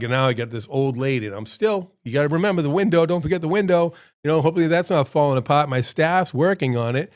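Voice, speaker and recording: A man's voice: fairly high pitch, lively intonation, fast, hardly any pauses. A middle-aged man, a restaurant owner, casually telling a rambling, self-deprecating story and laughing often as he acts out both sides.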